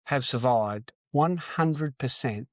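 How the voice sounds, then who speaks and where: A middle-aged man tells a winding story on a podcast, his voice pitched right in the middle. He rambles and swears freely, leaning on "mate" every few lines. The sound is dry and close with no room around it. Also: takes it slowly, no echo. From Australia. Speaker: podcast guest, counsellor. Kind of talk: casual storytelling interview.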